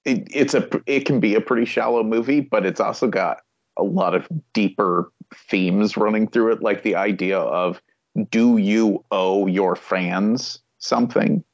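Low-voiced man giving blunt opinions. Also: measured pace, vocal fry. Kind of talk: casual movie chat. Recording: dull lo-fi sound.

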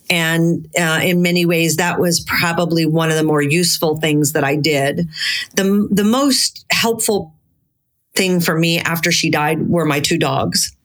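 Middle-aged woman, interview guest, lowish voice, frank and heartfelt delivery. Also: a bit bright. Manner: earnest and frank, with occasional swearing and laughter. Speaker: interview guest, bereaved mother and grief researcher. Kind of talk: candid conversational interview.

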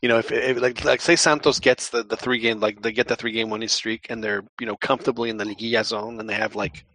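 A man's voice: mid-range voice, level tone, fast, pushed and bright, dry recording. A man hosting a casual podcast chat, rambling with many restarts. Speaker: podcast host.

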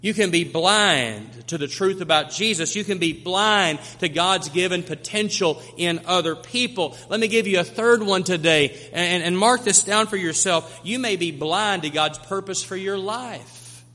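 A man's voice: high-pitched, measured pace, hardly any pauses, pushed and bright. A male pastor delivering a sermon, preaching with emphatic repetition to a congregation. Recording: long hall reverb.

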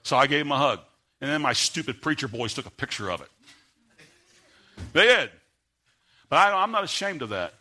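A man preaching a sermon in church. He tells stories quietly, then builds to loud, fervent preaching. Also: a little high, sing-song, normal speed, long pauses. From United States. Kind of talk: sermon with storytelling.

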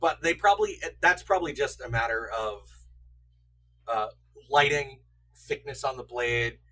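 Male podcast host, bright tone, chatty and knowledgeable, light background hum. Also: mid-range voice, a little slow, far from the mic, poor audio. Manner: knowledgeable, explains at length with fillers. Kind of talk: casual film commentary chat.

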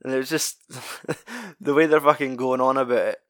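A man's voice: medium pitch, normal speed, dry recording, studio quality. Sweary man chatting casually. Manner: sweary, rambling, laughs often. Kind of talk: casual film discussion.

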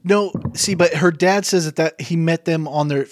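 A man's voice: a little high, moderate pace, dry recording. A man co-hosting a casual comedic movie recap, making dry, wry quips. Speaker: podcast co-host.

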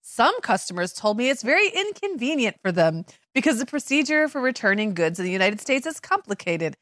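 An over-polite customer service agent, as a woman reads her out, begs and apologizes in stiff, formal phrasing. The voice is a lively one set a little high, and the sound is close and dry. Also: brisk, dry recording. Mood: pleading. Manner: formal, pleading, excessively polite. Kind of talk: dramatic reading of an email.

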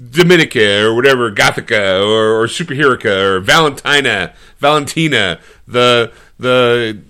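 A joking male podcast co-host who talks with lots of lift and movement in his pitch. His voice has a bright, forceful ring. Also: moderate pace, clean tone. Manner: joking, animated, does voices. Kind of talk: casual chat.

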